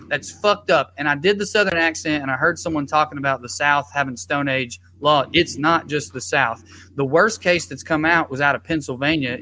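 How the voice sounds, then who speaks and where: A man's voice: on the high side, pushed and bright, a little hiss or hum. A man and former public defender, talking bluntly and with passion in a podcast discussion, swearing freely.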